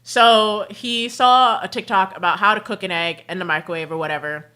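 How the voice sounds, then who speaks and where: A young adult woman hosting a livestream, telling family stories in a casual, animated way and laughing often mid-sentence. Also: medium pitch, normal speed. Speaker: livestream host. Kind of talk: casual storytelling chat.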